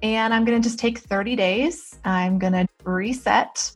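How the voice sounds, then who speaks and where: A woman's voice: a little high, measured pace, faint music behind. A woman co-hosting a podcast in casual chat, candid and openly emotional. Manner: candid, openly emotional, laughs while talking. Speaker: podcast co-host.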